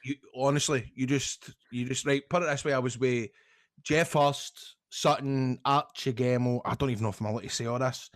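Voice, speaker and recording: A man's voice: mid-range voice, steady tone, normal speed, dry recording, clean studio sound. A Scottish man, a podcast guest, chatting casually and laughing through his anecdotes. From Scotland.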